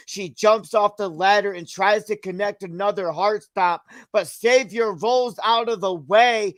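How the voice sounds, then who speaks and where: A man co-hosting an online show, narrating a wrestling storyline casually and reacting with animated comments. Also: sits high, no echo. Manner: animated, reacts loudly to the action. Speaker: co-host.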